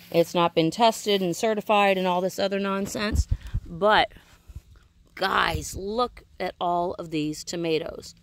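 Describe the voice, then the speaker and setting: Chatty woman touring her garden outdoors. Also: on the low side. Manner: chatty, rambling, self-correcting. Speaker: homesteading vlogger. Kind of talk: casual garden tour vlog. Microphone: handheld camera she films herself.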